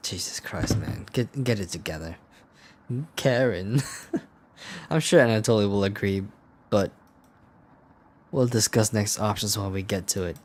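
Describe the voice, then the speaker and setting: A young man playing a text game, reading its story aloud in a hushed narrating voice and breaking off into profane, laughing commentary. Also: fairly low pitch, a little slow, long pauses. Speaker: let's play gamer.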